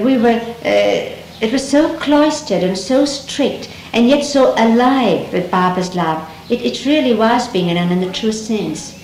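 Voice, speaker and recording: A middle-aged woman, a native Dari speaker, recalls memories in a gentle, reflective way, pausing and restarting often. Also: medium pitch. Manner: gentle, unhurried, reflective, with many pauses and restarts. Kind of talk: reminiscing storytelling talk. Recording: roomy archival 1970s tape with faint hiss.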